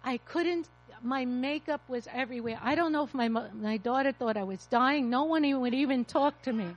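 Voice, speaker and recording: A woman's voice: high-pitched, brisk, muffled recording. A woman in her fifties, a pastor, preaching an emotional, confessional testimony. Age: 50s. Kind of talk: sermon testimony.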